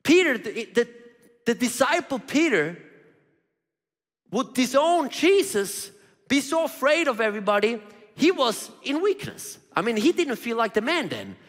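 A man's voice: extremely high pitch, very animated, unhurried, a bit bright. A man preaching a conversational sermon, full of rhetorical questions and voiced quotes from Bible figures. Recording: reverberant hall.

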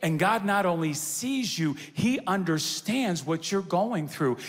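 High-voiced preaching man in a reverberant hall. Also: animated, measured pace, hardly any pauses. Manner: call-and-response preaching, repetitive emphatic phrasing. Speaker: pastor. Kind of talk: sermon. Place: large church hall with congregation. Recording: hall reverb from a large venue.

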